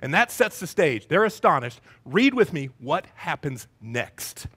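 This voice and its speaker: A male pastor preaching a sermon, telling the story in an animated way and acting out the scenes. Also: on the high side, unhurried, slightly rough.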